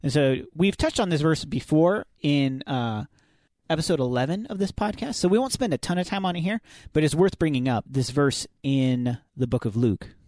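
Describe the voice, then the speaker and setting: A man's voice: a little high, expressive, moderate pace, darkish tone, no room sound, clean studio sound. A man co-hosting a faith podcast, talking through Bible passages in a conversational, explanatory way. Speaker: podcast co-host. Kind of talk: casual faith podcast discussion.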